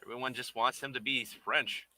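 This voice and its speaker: Bright, playful man chatting while he works. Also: medium pitch, steady tone, normal speed, slight background noise. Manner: rambling and playful, chuckling often. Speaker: puppet maker streaming live. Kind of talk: casual chat while working.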